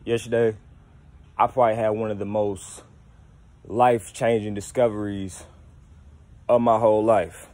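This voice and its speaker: A man's voice: fairly low pitch, flat delivery, measured pace, long pauses, a little mellow, dry recording. A young man talking casually and candidly to his viewers at home, slangy and rambling with frequent restarts. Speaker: YouTuber. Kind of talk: casual spiritual monologue to camera.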